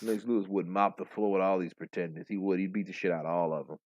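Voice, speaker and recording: Excitable, profane boxing stream host. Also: male voice, sits low, quick pace, muffled recording. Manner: excitable, profane, joking banter. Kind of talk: live stream fight commentary.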